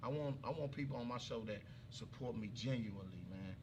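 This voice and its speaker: A man hosting a casual talk show, lively, hyped-up and affectionate. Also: mid-range voice, fairly quick, background noise. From Houston. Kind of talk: casual chat.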